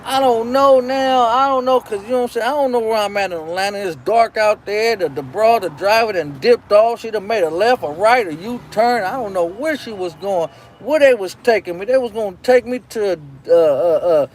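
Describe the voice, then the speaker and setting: Very high-voiced man rambling a crude story. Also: moderate pace, few pauses, a little hiss or hum. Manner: rambling, repetitive, constantly says "you know what I'm saying"; crude, boastful anecdote told in loose slang. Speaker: host. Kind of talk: live-stream storytelling.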